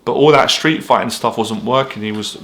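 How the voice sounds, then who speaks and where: A man's voice: medium pitch, a little fast, fairly bright tone. A man, an anxiety coach talking straight to camera in a blunt, candid way, swearing freely. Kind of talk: motivational vlog monologue.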